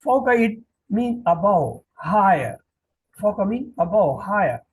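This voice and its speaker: A man teaching a classroom Quran lesson, drilling each word slowly and repeating the meanings. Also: high voice, big pitch swings, husky, rough recording. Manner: slow, repetitive, drilling word by word.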